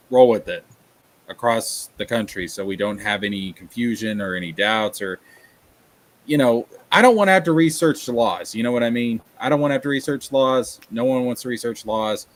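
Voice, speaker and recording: A man hosts a casual livestream, ranting about laws and reading viewer chat aloud. His pitch sits in an ordinary middle range and he talks in an animated way. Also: normal speed. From Tennessee, USA. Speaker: streamer.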